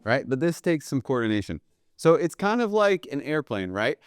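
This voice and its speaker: A young man teaching jazz drumming in a relaxed, conversational way, often checking in with "right?" and counting beats aloud as he demonstrates. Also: mid-range voice, moderate pace, music in the background. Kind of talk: instructional video lesson.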